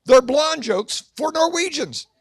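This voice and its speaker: This older gentleman, a grandfather, works the crowd at a church fundraising gala with a stand-up routine of fast asides and high-voiced character impressions. He sounds expressive, and the recording has no room sound.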